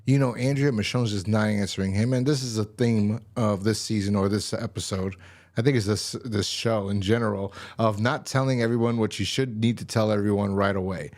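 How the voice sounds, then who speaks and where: A man's voice: on the low side, steady tone, a little fast, a little mellow. A man casually recapping a TV episode as a reviewer, rambling and slangy with lots of fillers. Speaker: TV show reviewer.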